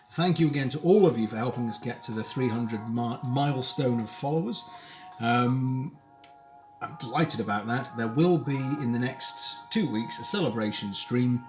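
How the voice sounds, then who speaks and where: Chatty man eating on a kitchen stream. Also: mid-range voice. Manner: chatty, talks while eating. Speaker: streamer host. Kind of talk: casual live cooking chat. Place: home kitchen.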